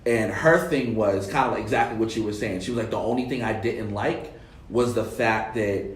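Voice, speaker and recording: A young adult man hosts a casual podcast panel chat, telling relaxed stories full of fillers and acting out quotes. His lowish voice moves at a moderate pace, heard off-mic from a distance with roomy echo.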